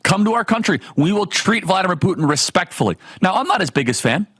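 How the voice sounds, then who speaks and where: A man hosting a political talk show, giving an emphatic, animated monologue full of rhetorical questions. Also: high-pitched, fast, breathy edge, no room sound. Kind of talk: fiery political commentary monologue.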